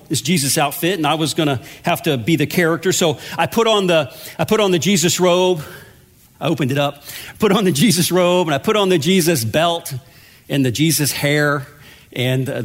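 A man's voice: on the high side, moderate pace. A pastor delivering a sermon in a conversational, storytelling way, with humor at his own expense. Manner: conversational, self-deprecating storytelling.

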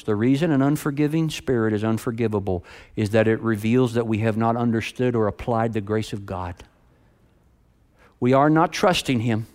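A male preacher delivering a sermon, swinging from loud, high emphasis to low, hushed delivery. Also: clean tone.

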